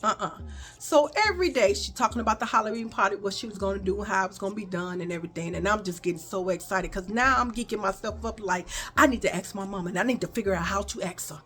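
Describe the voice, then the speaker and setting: A woman vlogger telling a childhood story in an animated, conversational way, talking straight to her viewers. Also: mid-range voice, fast, hardly any pauses. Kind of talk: casual storytelling.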